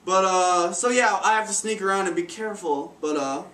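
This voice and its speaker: A man's voice: sits high, fairly quick, fairly bright tone. A teenage boy doing an amateur stand-up routine, stumbling and awkward with many fillers. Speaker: stand-up comedian. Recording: echoey room, taped from far off.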